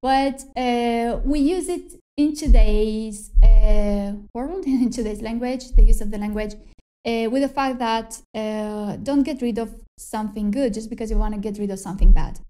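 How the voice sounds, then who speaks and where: A woman with a Spanish accent, a native Spanish speaker teaching English in a relaxed chat, laughing often and correcting herself. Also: a little high, normal speed. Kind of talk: casual conversational lesson.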